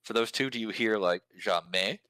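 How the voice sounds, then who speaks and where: A man with a very low voice explains points at length, pausing on fillers as he thinks aloud. His tone is bright and forceful, and the sound is dry and close, with no room echo. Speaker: lyric and language helper. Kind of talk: casual explanatory chat.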